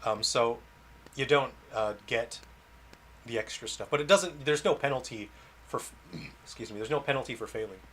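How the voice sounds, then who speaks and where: A man's voice: mid-range voice, normal speed, a bit bright, a little hiss or hum. A man, a game developer, chatting casually while he plays a game on a livestream and answers viewer questions aloud. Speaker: game developer hosting a launch stream. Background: faint game music.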